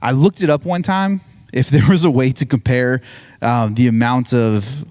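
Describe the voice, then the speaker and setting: A man's voice: mid-range voice, normal speed, darkish tone. A man giving a casual, joking sermon, retelling a Bible story with lots of "like" and "right?". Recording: hall reverb on voice.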